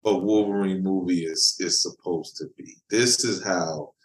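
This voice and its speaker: Male comic writer, podcast guest, casual and halting, somewhat low voice, roomy echo. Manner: repeats words while finding his thought. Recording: echoey room.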